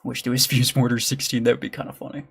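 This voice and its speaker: A male gaming streamer talking casually to his live chat. He answers viewers' questions in a loose, offhand way and slips into low mutters while he plays. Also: flat delivery, fast talker, vocal fry, breathy edge. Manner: chatty, reads and answers chat, mutters during play. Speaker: gaming livestreamer.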